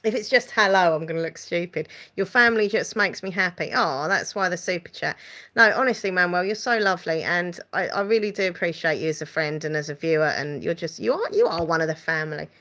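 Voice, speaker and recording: A woman's voice: lowish voice, fairly quick, fairly bright tone. A woman with an Essex accent, hosting a casual live stream, rambling and reading out viewer comments. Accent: Essex English. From England.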